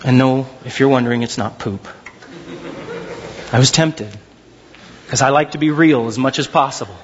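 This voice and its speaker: A man preaching a sermon as pastor, animated and swinging between excited high asides and slow low emphasis, stumbling over repeated words when worked up. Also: highs cut off, slight background noise.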